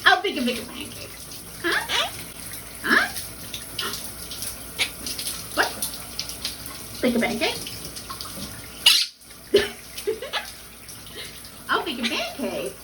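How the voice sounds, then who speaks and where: Squawky talking parrot, very high. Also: huge pitch swings, extremely slow, long pauses, heavy background noise. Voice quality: squawky, birdlike mimicry. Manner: repeats short phrases and beeps. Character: talking pet parrot mimicking human speech. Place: bathroom during a shower. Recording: loud running water, from far off. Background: running shower water.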